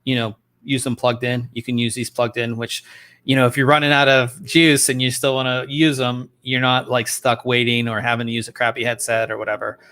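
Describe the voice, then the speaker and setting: A man's voice: medium pitch, brisk. A man hosting a laid-back tech podcast, chatting loosely with lots of ums and false starts. He is recorded close on a good studio microphone. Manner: relaxed and rambling, many ums and restarts. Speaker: podcast host. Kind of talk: casual tech podcast chat.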